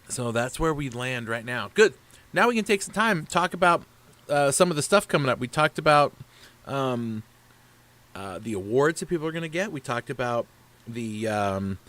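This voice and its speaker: A man's voice: mid-range voice, fairly bright tone. A man hosting a casual live stream for a racing league, talking in a chatty, rambling way. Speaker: league race broadcaster.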